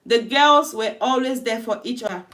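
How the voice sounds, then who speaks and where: A woman's voice: fairly high pitch, normal speed, fairly bright tone. A woman reading her own short story aloud in a loose, conversational way, correcting herself as she goes and voicing the characters' lines. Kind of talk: informal story narration with voiced dialogue.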